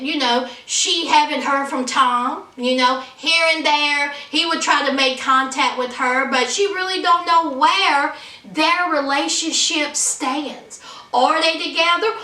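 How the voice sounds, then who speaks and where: Woman, sassy gossip host, high bright voice, slow drawl, roomy off-mic sound. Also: far from the mic. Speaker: reality TV recap host. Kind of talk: casual commentary.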